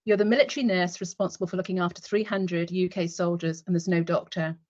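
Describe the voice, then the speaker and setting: A woman's voice: on the low side, fairly even intonation, quick pace, darkish tone. A woman in her fifties, a retired military nurse, telling a vivid story in the second person as a guest speaker in an online webinar. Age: 50s. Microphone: video call. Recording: dull lo-fi online call audio.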